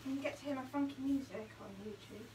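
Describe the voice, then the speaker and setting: Recorded on a distant mic in a hot indoor craft studio, with noticeable background noise and a reverberant sound, a woman paints and chats. She was born near Liverpool, England, and her high-pitched voice moves at a quick pace as she laughs and tells lively stories.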